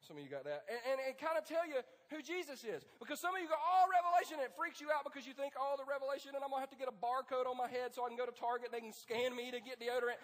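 A pastor preaching a lively, joking sermon to the men of his church, with sudden bursts of loud emphasis. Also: very high-pitched, racing, hardly any pauses. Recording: long hall reverb.

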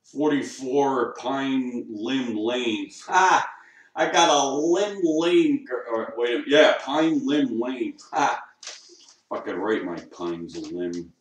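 A man's voice: mid-range voice, takes it slowly, recorded from a distance. Grumbling man cursing to himself. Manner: grumbling, swears a lot, talks to himself. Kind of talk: rambling monologue while talking to his dog. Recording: echoey room, off-mic, faint noise.

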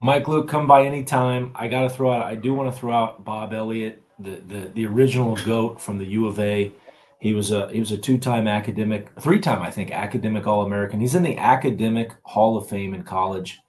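A man talking casually as a guest on a sports podcast, relaxed and quick to laugh. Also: fairly low pitch. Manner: easygoing, laughs often.

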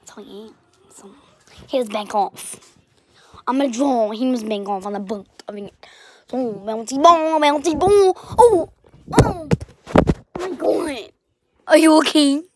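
A woman's voice: fairly high pitch, lively intonation, slight background noise. A woman doing a whiny, bratty vlogger girl. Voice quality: whiny, petulant, deliberately clueless delivery. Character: bratty, self-absorbed young woman vlogger. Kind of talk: comic character vlog.

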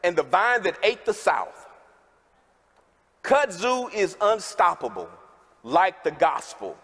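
A man's voice: high voice, very animated, slow, fairly bright tone. A man preaching a sermon in a large worship hall, folksy and calling out to the congregation. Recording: long hall reverb.

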